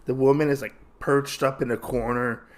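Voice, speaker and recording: A man's voice: medium pitch, fairly even intonation, normal speed. A man hosting a podcast who retells a comic's story in a casual, rambling way, full of fillers. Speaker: podcast host.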